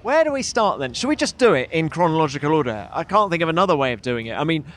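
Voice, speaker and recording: A man's voice: on the high side, big pitch swings, fast. A man hosting a podcast, steering the chat and asking questions. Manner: leads the discussion, asks questions. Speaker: host.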